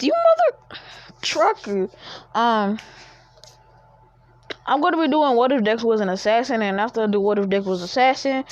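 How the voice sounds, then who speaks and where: A woman's voice: fairly high pitch, no room sound. A woman telling a story in casual chat, rambling, with many fillers and restarts. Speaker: fan-fiction storyteller. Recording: dull lo-fi dry recording.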